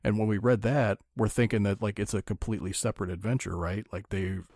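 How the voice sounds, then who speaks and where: A man's voice: fairly low pitch, fairly even intonation, fast, darkish tone, no echo, clean studio sound. A man co-hosting a comic-book podcast in casual chat, explaining his points at length. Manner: explanatory, rambling with restarts. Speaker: podcast co-host.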